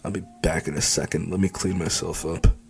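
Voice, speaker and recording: A man doing a gruff, low-voiced bar owner. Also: steady tone, a little fast, a little mellow. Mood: curt. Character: gruff young male bar owner and captain.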